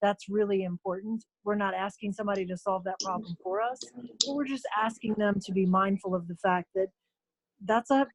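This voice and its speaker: A woman's voice: medium pitch, steady tone, a little fast, no echo, poor audio. A woman guest on a talk show who speaks earnestly and thoughtfully, with a few fillers. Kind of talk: casual talk show chat.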